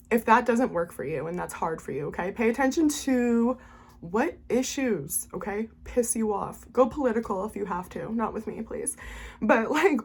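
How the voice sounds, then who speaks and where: A woman gives spiritual advice in a loose, heartfelt way and checks in with "okay?" after nearly every sentence. Her voice sits at an ordinary middle pitch. She fills pauses with "um" and soft little laughs. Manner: earnest, keeps adding "okay?" after each point; frequent "um" and short laughs. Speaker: spiritual life coach and tarot reader. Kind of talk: casual talk to camera.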